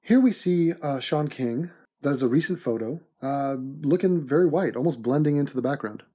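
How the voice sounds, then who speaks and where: A man hosting an animated comedy commentary in a mock-serious, deadpan sarcastic manner. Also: fairly high pitch, normal speed. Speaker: host and narrator of an animated commentary.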